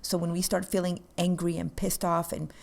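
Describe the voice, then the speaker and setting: Gravelly-voiced woman coaching earnestly. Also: lowish voice, level tone, normal speed, darkish tone. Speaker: podcast co-host. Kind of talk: casual chat.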